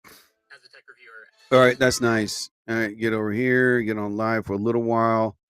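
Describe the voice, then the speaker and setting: A man's voice: fairly low pitch, flat delivery, moderate pace, a bit bright, clean tone. A tired man hosting a live show, chatting casually and rambling, with frequent exclamations. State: sleepy, tired. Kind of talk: casual live-stream chat. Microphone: studio mic.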